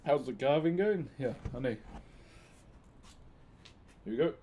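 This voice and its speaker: A man's voice: medium pitch, animated, a little slow, dark tone, a little hiss or hum. A man chatting casually on a live stream, thanking viewers by name and using Maori words. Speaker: live streamer and wood carver.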